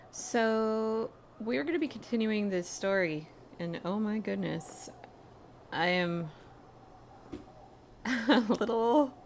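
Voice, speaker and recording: A woman's voice: mid-range voice, vocal fry, a little hiss or hum. A young woman hosting a let's play, chatting and reacting aloud as she plays through a game. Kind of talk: casual gameplay commentary.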